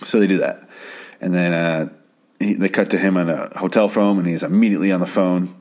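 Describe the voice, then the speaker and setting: Deep-voiced man rambling through a recap. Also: fairly even intonation, fairly quick, darkish tone. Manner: rambling, profane, stammering. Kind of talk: casual episode recap. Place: home at night.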